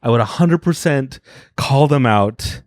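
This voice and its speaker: Male comedy podcast co-host: rambly, grumpy storyteller, mid-pitched voice, dry close sound. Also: lively intonation, a little slow, a little mellow, dry recording. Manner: rambling storyteller who acts out quotes; grumpy self-declared hater. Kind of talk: casual comedic chat.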